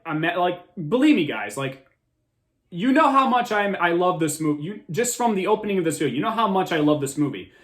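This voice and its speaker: A young man hosting a casual movie review, talking excitedly and rambling with frequent restarts. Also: high voice. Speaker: host of a movie review show.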